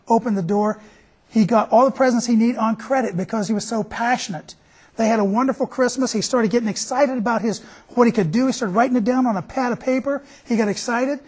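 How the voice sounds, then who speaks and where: A man's voice: sits high, darkish tone, slightly rough. A man hosting a TV show, telling a story in a folksy, conversational way. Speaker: TV show host.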